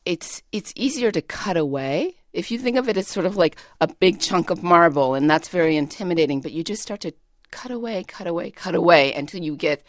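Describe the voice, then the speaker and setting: A woman's voice: fairly low pitch, animated, brisk, dry recording. A woman poet, a radio studio guest, talking eagerly about poems and reading some aloud. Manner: enthusiastic, explains poetic meter.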